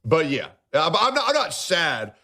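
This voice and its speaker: A young adult man streaming, talking in an emotional, halting way with frequent stammered restarts. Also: a little high, wildly swooping pitch, sharp tone. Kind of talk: emotional live-stream monologue.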